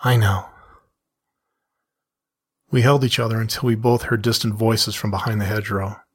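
Husky low-voiced man reading his story. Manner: measured, steady reading with a candid aside. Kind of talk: first-person story reading.

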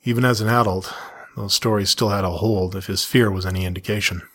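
A middle-aged man reading his own first-person story in a measured, steady way, then talking frankly to listeners. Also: fairly low pitch.

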